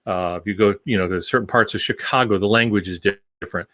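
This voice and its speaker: Low-voiced man explaining in a dry recording. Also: fast talker, bright, forceful tone, dry recording. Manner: rambling, filler-heavy explanations. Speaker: podcast co-host. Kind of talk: casual discussion.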